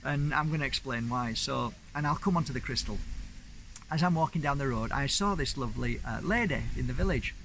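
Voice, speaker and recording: A man's voice: medium pitch, fairly quick, a bit bright, a little hiss or hum, poor audio. A man hosting his own channel, telling a personal story in a chatty, rambling, enthusiastic way. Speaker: crystal channel host. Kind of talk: casual storytelling to camera.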